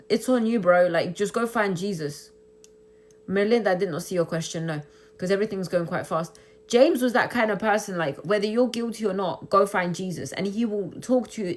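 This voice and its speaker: A young woman on a phone live stream, reading and answering viewer comments, shifting into taunting, indignant rhetorical questions. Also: mid-range voice. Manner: switches between English and Albanian, taunting and indignant; rapid, repetitive rhetorical questions. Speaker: livestreamer.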